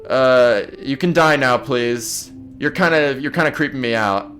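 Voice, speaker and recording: A man with a mid-range, fairly bright voice talks a little slowly as a let's play gamer, flustered and swearing a lot while giving his viewers gameplay commentary. Game music plays behind him.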